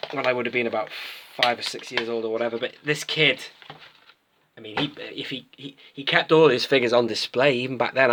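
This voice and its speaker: A man's voice: mid-range voice, background noise. A British man in his late thirties, chatting enthusiastically and rambling as he unboxes and reviews toys in a casual vlog. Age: late 30s. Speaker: toy collector vlogger.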